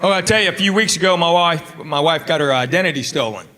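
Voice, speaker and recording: A middle-aged man doing stand-up, telling deadpan stories about his wife on a live stage. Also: fairly high pitch, fast talker, a faint crowd. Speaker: stand-up comedian. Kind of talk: stand-up routine. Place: comedy stage before a live audience. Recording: echoey live hall, roaring audience, loud noise.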